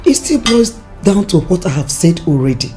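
A woman's voice: fairly low pitch, big pitch swings, moderate pace, mellow, soft background music. An actress playing a firm, dismissive woman friend.

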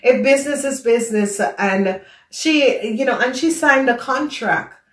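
A woman's voice: high voice, measured pace. Emphatic woman. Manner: emphatic, repeats phrases for stress. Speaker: tarot reader. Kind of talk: casual storytelling monologue. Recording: echoey room.

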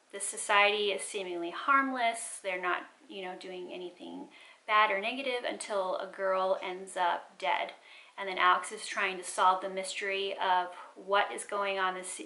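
Bright-voiced chatty woman book vlogger. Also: mid-range voice, low-quality recording. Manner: chatty, enthusiastic, self-correcting. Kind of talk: casual chat.

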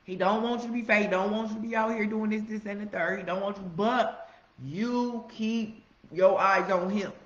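A woman giving a casual, profane motivational monologue, preaching with loud emphatic outbursts. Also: mid-range voice, steady tone, moderate pace. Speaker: motivational vlogger. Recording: roomy, slightly muffled recording.

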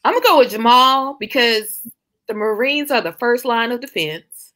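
A woman's voice: on the high side, big pitch swings, normal speed, bright, forceful tone. A woman author who is a guest in a casual interview, candid and humorous.

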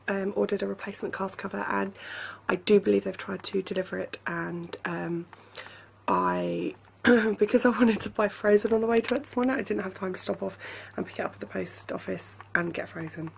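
A woman's voice: medium pitch, animated, a little fast, vocal fry, slight background noise. A young woman in casual vlog chat at home, chatty and apologetic, laughing often, speaking through a headache. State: has a headache. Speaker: family vlogger. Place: home, indoors.

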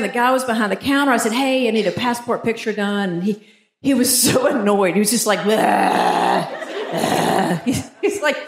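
A woman in her fifties with a Southern US accent, telling self-mocking stories on stage as a stand-up comedian. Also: on the high side. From Georgia, US. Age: 50s. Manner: animated storytelling, self-mocking. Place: theater stage before a live audience. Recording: echoey theater with audience noise.

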